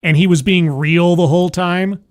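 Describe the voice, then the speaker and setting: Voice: mid-range voice, steady tone, normal speed. A streamer doing sarcastic, exasperated commentary on a video during a live stream.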